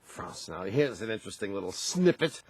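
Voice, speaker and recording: A man co-hosting a radio call-in show, chatting in bantering style and breaking into wheezing high laughter. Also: sing-song, moderate pace, husky. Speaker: radio co-host. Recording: radio studio broadcast.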